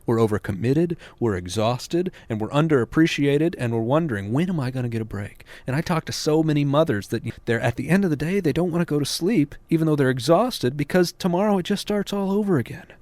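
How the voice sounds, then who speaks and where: A man's voice: on the high side, lively intonation, a little fast, hardly any pauses, a little mellow, no room sound. An American man, a parenting author, answering a radio interviewer in an earnest way that builds to emphatic peaks.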